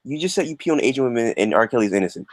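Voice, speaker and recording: A man's voice: mid-range voice, lively intonation, very fast, dry recording. A man hosting a livestream in a laid-back, joking, slangy way. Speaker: livestream host. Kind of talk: casual livestream chat.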